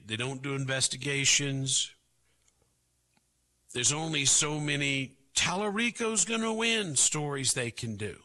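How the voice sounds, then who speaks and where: A man hosting a talk radio show, delivering sarcastic commentary with drawn-out asides. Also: fairly high pitch, gravelly, pushed and bright.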